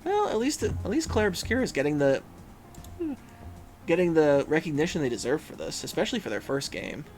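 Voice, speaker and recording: A man hosts a livestream in loose, casual chat. His voice moves all over the place in pitch as he reads out viewers' messages, humming and pausing to think. Soft music plays underneath. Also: big pitch swings. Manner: musing, reads chat aloud, frequent hums and fillers. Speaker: livestream host.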